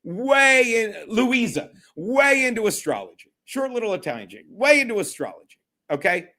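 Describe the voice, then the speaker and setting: Male streamer, high-pitched, loose and profane, rambles and laughs through his chat. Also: sing-song, normal speed, bright, forceful tone. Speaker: livestream host. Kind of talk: casual solo livestream chat.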